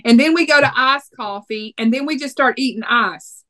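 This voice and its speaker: A woman's voice: high voice, normal speed, sharp tone. A woman with a Texas accent hosting a podcast, chatting in a playful, teasing way. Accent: Texan. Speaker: podcast host. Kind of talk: casual podcast chat.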